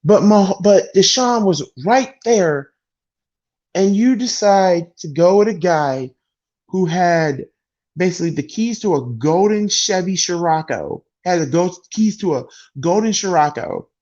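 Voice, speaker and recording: A sports vlogger vents about his football team, ranting bluntly in a high, expressive, darkish voice at a measured pace. Exasperated, he sighs heavily. The lo-fi recording sounds dull.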